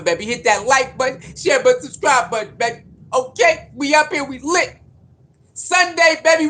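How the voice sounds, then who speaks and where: A speaker delivering a heated sports rant to camera, slangy and swearing, firing off rhetorical questions and shouting at critics. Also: sits high. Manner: slangy, swears, says bro and man. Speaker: sports commentator.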